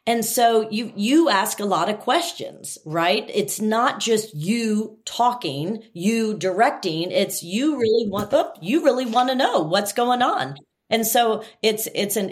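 A woman who coaches leaders, hosting a conversational interview in an earnest way and growing animated when she retells stories. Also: mid-range voice. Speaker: leadership coach, podcast host.

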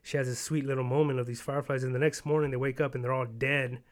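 A man's voice: mid-range voice, little pitch movement, fast. A man in casual chat, rambling and swearing as he retells stories and acts out bits of dialogue. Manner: rambling, profane, acts out quoted voices.

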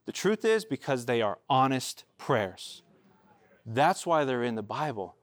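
A man's voice: mid-range voice, very animated, a little slow, no echo. A man preaching as a pastor, earnest and conversational. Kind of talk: sermon.

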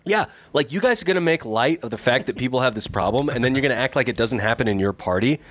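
A man's voice: medium pitch, expressive, fast talker, fairly bright tone, slight background noise. A man co-hosting a casual podcast, ranting with sarcastic indignation. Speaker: podcast co-host.

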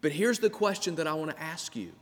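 A man's voice: on the high side, lively intonation, fast talker. Man preaching in a reverberant hall. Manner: preaching with rising emphasis and repetition. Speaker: pastor. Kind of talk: sermon.

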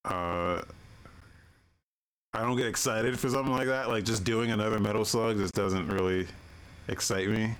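A man co-hosting a casual gaming chat, talking in halting bits that trail off and restart. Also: fairly low pitch, steady tone, smooth. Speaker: podcast co-host.

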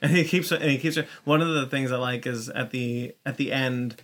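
An animated man on a casual podcast, recapping favorite comic moments. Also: mid-range voice. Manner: animated, quick to say he loved a bit. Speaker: podcast co-host. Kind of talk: casual book club chat.

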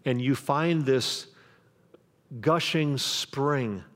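A man's voice: mid-range voice, drawn-out words. A man preaching a sermon as pastor, in a conversational way, acting out the quoted voices of the people in his stories. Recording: long hall reverb.

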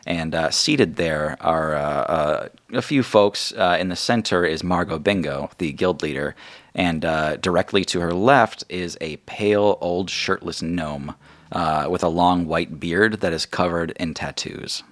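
A man's voice: sits low, measured pace, a bit bright, no room sound. A man narrating as game master in a tabletop game, talking in a casual and rambling way with many fillers.

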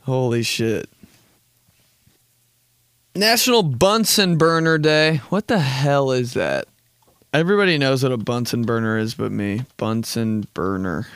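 A man's voice: mid-range voice, expressive, normal speed, fairly bright tone, clear, resonant tone, no echo. A young man in his twenties hosting a podcast, joking and rambling in a laid-back, casual way and swearing often. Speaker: podcast host. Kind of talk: casual comedic monologue.

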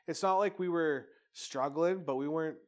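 A man's voice: a little high, moderate pace. A man telling a personal story in casual, rambling talk, candid and peppered with swearing.

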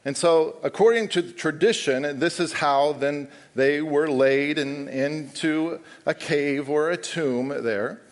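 A man's voice: on the high side, slow, hardly any pauses. A man preaching, who reads a long Bible passage aloud and then talks directly to his congregation. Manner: reads scripture steadily, then talks to the congregation and calls up a helper. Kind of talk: scripture reading and sermon.

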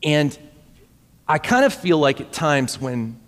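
A man's voice: fairly high pitch, sing-song, slow pace, big-room sound. A pastor in his forties tells a story in a conversational sermon style and often repeats words as he goes. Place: church sanctuary.

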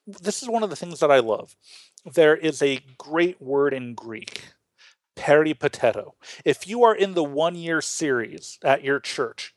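A man's voice: fairly high pitch, dry recording. A man from Illinois hosting a Lutheran podcast, teaching in a casual chat with earnest, stammering restarts. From Illinois, USA.

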